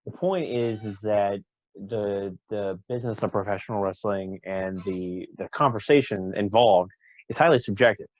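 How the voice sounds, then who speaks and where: A man's voice: on the low side, normal speed, no echo, highs cut off. A young man co-hosting a casual talk show, speaking in a laid-back, rambling way. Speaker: podcast co-host. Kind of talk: casual chat.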